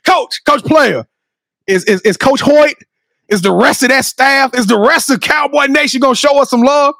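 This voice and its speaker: A man co-hosting a sports podcast with a Louisiana accent, hyping the audience with loud, preachy energy and frequent shouting. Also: very high-pitched, normal speed, gravelly, dry recording, studio quality. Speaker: podcast co-host. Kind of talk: hyped podcast chat.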